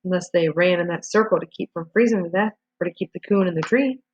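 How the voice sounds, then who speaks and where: A woman voicing an excitable middle-aged male hunter who talks in a breathless, jumpy, apologetic way, read from a storybook. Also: lowish voice, fast talker, breathy edge. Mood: eager. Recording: dull lo-fi recording.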